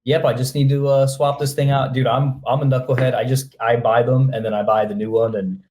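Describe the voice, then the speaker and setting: A man's voice: mid-range voice, flat delivery, a little fast, darkish tone. A man co-hosting a podcast, chatting casually in laid-back, joking banter. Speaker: podcast co-host. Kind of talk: casual chat.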